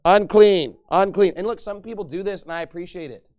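A fast-talking middle-aged pastor with a voice that sits high preaches a sermon. He keeps it lively and conversational, voicing the people he quotes and laughing from time to time.

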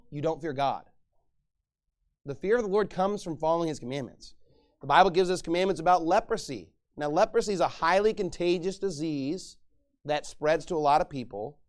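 High-voiced animated male preacher. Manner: animated preaching, acts out quoted voices, laughs. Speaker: pastor. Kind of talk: sermon.

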